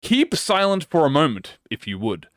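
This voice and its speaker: A man's voice: fairly high pitch, big pitch swings, moderate pace, a bit bright, faint music behind. A man reading out a formal, earnest young male swordsman's lines in a solemn tone.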